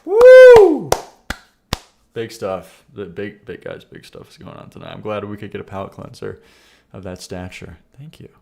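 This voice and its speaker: A man's voice: sits low, huge pitch swings, normal speed, creaky, slight background noise. A man hosting a live stream, casually reacting to viewers' songs with wry sarcasm, laughing asides and mumbled muttering. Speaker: streamer reviewing viewer song submissions.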